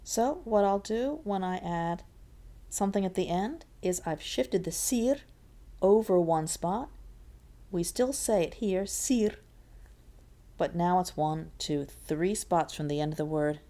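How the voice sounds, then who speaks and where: Female language teacher, unhurried lesson delivery, low warm voice, patient and repetitive. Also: animated. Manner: patient, repeats words slowly to model stress. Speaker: Spanish teacher. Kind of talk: classroom lesson explanation.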